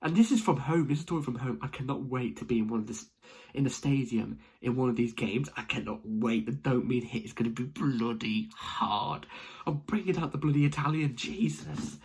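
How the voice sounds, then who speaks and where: A young man reacts excitedly to a football match from home, rambling and restarting his sentences. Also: medium pitch, normal speed, breathy edge. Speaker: football fan vlogger.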